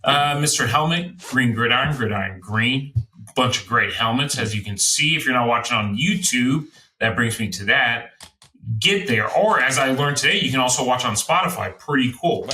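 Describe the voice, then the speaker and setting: A man's voice: medium pitch, animated, normal speed, bright, forceful tone. A man hosting a podcast, rambling loosely and playfully through chat and sign-off plugs. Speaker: podcast host.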